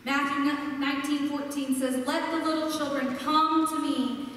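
High-voiced woman preaching in an echoey hall. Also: flat delivery, a little slow, a bit bright, slight background noise. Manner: passionate, repetitive emphatic lists. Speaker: pastor. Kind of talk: sermon. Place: large church sanctuary. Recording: echoey hall, heard from far off.

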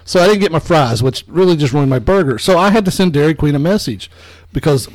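A man tells a comedic story on a podcast, animated and quick to swear. His voice sits fairly high and sounds dry and close to the mic. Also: no room sound. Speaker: podcast co-host. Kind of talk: casual comedic chat.

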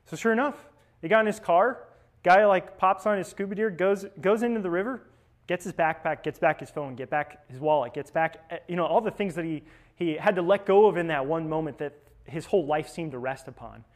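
Fairly high-voiced young man reflecting on faith. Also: fairly quick. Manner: storytelling, with frequent tag questions. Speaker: seminarian. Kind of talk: conversational spiritual reflection.

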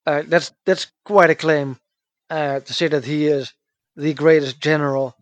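A man's voice: a little high, steady tone, unhurried, no room sound, highs cut off. A man co-hosting a podcast in casual chat, reacting bluntly and swearing. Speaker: podcast co-host.

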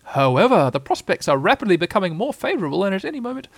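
A man's voice: high voice, big pitch swings, rapid-fire, vocal fry, dry recording, voice pushed up, heavily acted. A man voicing a pompous, long-winded old male owl in a storybook reading.

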